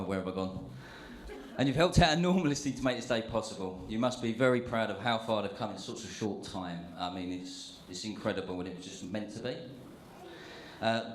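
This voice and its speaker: In an echoey indoor reception hall, a man with a mid-range voice gives his best man's speech at a wedding. He's jokey and chatty, full of fillers and asides, and the recording has a little hiss or hum.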